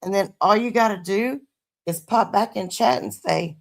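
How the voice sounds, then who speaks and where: A woman's voice: medium pitch, normal speed, gravelly. A middle-aged woman telling stories to her livestream viewers in a laid-back, profane, casual way. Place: her home.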